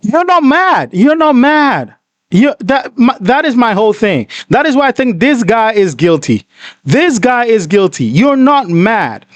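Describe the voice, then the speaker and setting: A man's voice: high voice, very animated, a little slow, no echo. A man hosting a casual reaction commentary, talking emphatically and indignantly, often calling the listener "bro". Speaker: reaction video host.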